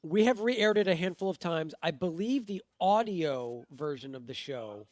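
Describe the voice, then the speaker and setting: Chatty man co-hosting, slightly high. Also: normal speed, no echo. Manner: relaxed and chatty, speaks while eating. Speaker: co-host. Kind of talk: live radio talk show.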